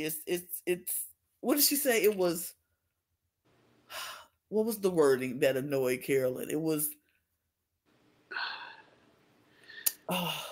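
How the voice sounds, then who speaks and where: A woman's voice: takes it slowly, pauses often. A woman co-hosting a podcast in a casual recap chat, indignant and venting, acting out the quotes she retells. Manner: animated, acts out quotes with big pitch jumps. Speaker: podcast co-host.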